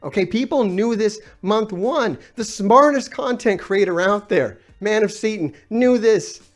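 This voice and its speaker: A man's voice: high voice, measured pace. A man ranting on a gaming live stream, exasperated and sarcastic, swearing often while he reads out comments.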